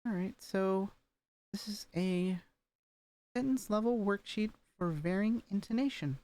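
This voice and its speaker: Working on voice training homework, a woman streams as a vtuber from a room at home through a webcam mic. She has a warm, medium-pitched voice and a measured pace, chatting casually with many fillers and repeating practice sentences that rise and fall in intonation.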